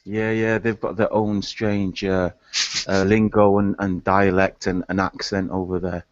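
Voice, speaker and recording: A man's voice: sits low, measured pace, dry recording, lo-fi sound. Man with a Yorkshire accent. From Yorkshire, England. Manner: relaxed, hesitant with fillers. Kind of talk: casual group chat.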